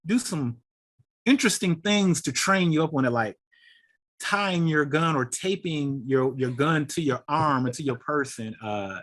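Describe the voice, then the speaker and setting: A middle-aged man, a guest on an interview show, telling a personal story in an animated and emotional way. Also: on the high side, a little slow. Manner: animated, acts out quoted voices, gets emotional.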